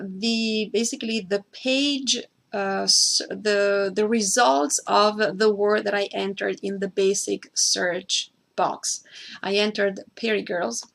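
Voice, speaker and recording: A woman with a medium-pitched, fairly bright voice and some vocal fry hosts a screen-share tutorial. She explains every step with care, repeats the key points, and occasionally addresses a co-host by name.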